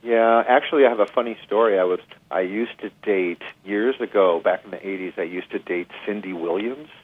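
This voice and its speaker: A middle-aged man, a guest musician, telling a story in a casual interview, animated and full of restarts and asides. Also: fairly low pitch, a little fast, no echo. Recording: dry tinny phone line.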